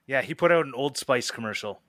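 A man co-hosting a maker podcast in loose, casual chat. His voice is bright and forward with a dry, close sound. He rambles and laughs through his recommendations. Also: medium pitch, expressive, a little fast, dry recording. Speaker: podcast co-host.

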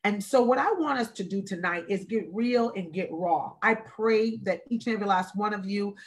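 A woman in her forties speaks over a live stream as a wellness speaker. Her voice sits at a middle pitch, and she talks slowly and deliberately, stressing and repeating her phrases for weight. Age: 40s. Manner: slow, emphatic, repeats phrases. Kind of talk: earnest, deliberate talk. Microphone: video call or live stream.

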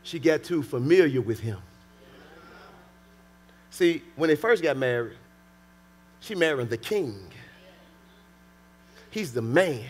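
Animated high-voiced male pastor preaching. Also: takes it slowly, pauses often, breathy edge. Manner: animated preacher, acts out scenes, drops to soft and intimate. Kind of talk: sermon.

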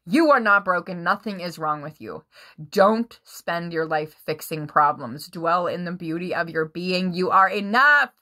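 An excitable woman does a casual tarot reading for her viewers. Her voice sits a little low but sounds bright and forceful, and she swears freely and often bursts out laughing. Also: a little slow. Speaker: tarot reader.

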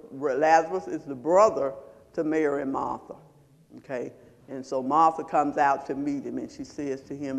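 A man's voice: on the high side, vocal fry, in a large hall. A man preaching a sermon as pastor, quizzing the congregation in call-and-response style.

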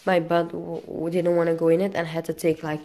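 A young woman with a low voice talks to her camera in a casual vlog. Her English is halting and packed with fillers. She sounds out of breath and breaks off to cough. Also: flat delivery, mellow. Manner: halting, non-native English full of fillers. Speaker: vlogger.

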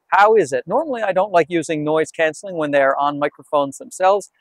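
A man with a nasal voice, chatting casually through a product review on a clip-on lapel mic, joking and sometimes getting loud. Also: on the high side, a little fast, dry recording, clean studio sound. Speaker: camera gear reviewer.

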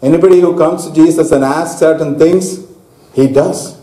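A man preaching a sermon to a congregation, slow and deliberate, stopping to ask his listeners questions. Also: a little high, steady tone, warm tone. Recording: echoey hall.

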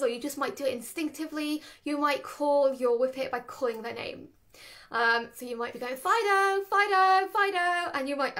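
High-voiced woman teaching dog training. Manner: chatty, animated, laughs between points. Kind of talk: casual instructional talk.

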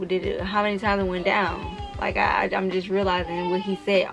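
A woman's voice: mid-range voice, level tone, normal speed, creaky, few pauses, rough recording. A young woman telling a story to camera in a vlog, blunt and profane, talking straight to her viewers. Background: faint background music.

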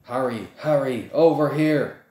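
A man reading aloud and voicing an eager young schoolgirl witch in a high, quick voice, in an echoey room. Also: sing-song, warm tone.

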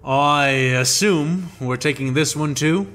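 A man voicing a gruff, sarcastic male soldier captain who grumbles. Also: a little high, takes it slowly, a bit bright, faint music behind.

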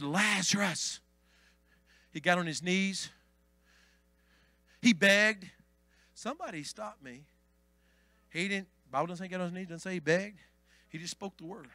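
A man preaching a Pentecostal sermon as pastor, swinging from hushed asides to shouted climaxes. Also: sits high, measured pace, pauses often, dry recording.

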